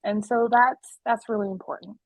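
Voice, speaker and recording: Over dry, muffled web call audio with no room sound, a woman presents a personal talk to people online. Her medium-pitched voice has fairly even intonation at a normal speed, and she speaks candidly and from the heart with many restarts.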